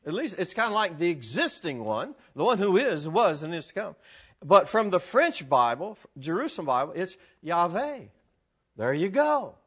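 A man leads a Bible class in a high, bright voice that leaps up and down as he gets worked up. He laughs often and breaks into sudden exclamations, talking to the people in the room. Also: very animated, moderate pace, breathy edge. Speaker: Bible teacher. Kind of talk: animated teaching to a live group.

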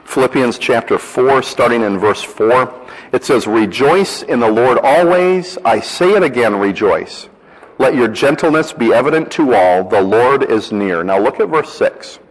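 A man's voice: medium pitch, expressive, a little slow. A man preaching a sermon as pastor, earnest, repeating key phrases and leading the congregation in reciting lines together. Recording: long reverb of a large hall.

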